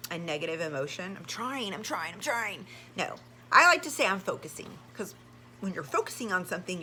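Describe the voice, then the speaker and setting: Earnest Southern woman, healing coach, bright voice over faint room ambience. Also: mid-range voice, slight background noise. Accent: Southern American. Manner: earnest, emphatic, repeats words. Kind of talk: casual motivational talk to camera.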